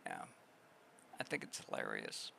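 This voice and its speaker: A man's voice: a little slow, bright, forceful tone, a little hiss or hum. A man live-streaming, chatting casually with his viewers in a rambling way, full of fillers and restarts. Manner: rambling, filler-heavy, talks to chat.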